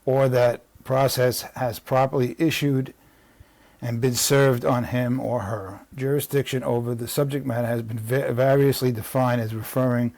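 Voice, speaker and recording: A man's voice: mid-range voice, fairly even intonation, normal speed, a little mellow, no room sound. Man with a New York accent, dry sound. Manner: conversational, with frequent restarts and asides. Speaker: legal strategy instructor. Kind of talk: reading and explaining legal texts.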